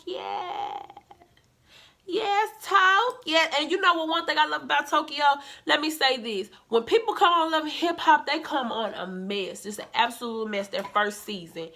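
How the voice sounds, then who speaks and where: A woman vlogger, reviewing a reality show in sassy, animated casual commentary and calling her viewers "honey.". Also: sits high, gravelly.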